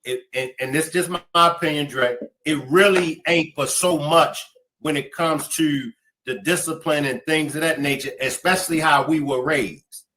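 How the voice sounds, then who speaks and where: A man interviewing a couple, offering calm advice and asking direct questions. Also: on the high side, moderate pace. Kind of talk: interview conversation.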